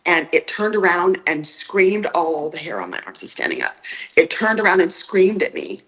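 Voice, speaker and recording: Low-voiced woman telling a story by phone. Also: very animated, fairly bright tone, muffled recording. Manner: halting, repeats words as she goes. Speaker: guest telling her own story. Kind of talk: personal story told on a call.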